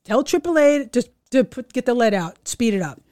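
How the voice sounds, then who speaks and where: A middle-aged New woman spins a story on a podcast, animated and salty, acting out every voice along the way. Her voice sits a little high. The recording is dry and close. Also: moderate pace, no echo. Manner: animated, swearing, acts out voices. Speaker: podcast co-host. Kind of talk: casual storytelling chat.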